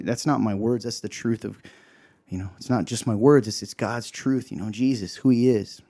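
A man's voice: medium pitch, a little fast, dark tone. Earnest man preaching a devotional talk. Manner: earnest, emotional, acts out quotes, many "right?" asides. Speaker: co-host sharing a devotional. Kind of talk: heartfelt sermon-style talk.

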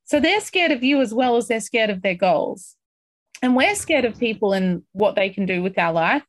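A woman coaching a group on a call, upbeat and encouraging, talking through feelings and sometimes acting out excitement. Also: on the high side, normal speed, no room sound. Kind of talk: motivational coaching talk.

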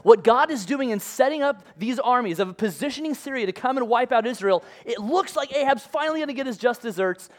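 Casting: man with a high voice, preaching in a laid-back, conversational way. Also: lively intonation, a little fast, few pauses. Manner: casual and conversational with modern comparisons. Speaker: pastor. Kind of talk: sermon.

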